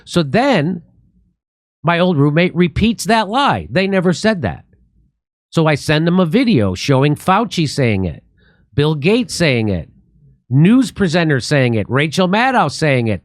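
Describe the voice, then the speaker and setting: Fairly high-pitched and swinging widely in pitch, this male comedian host rants animatedly on his political talk show at normal speed, doing mocking impressions of friends. The recording is dry and studio quality.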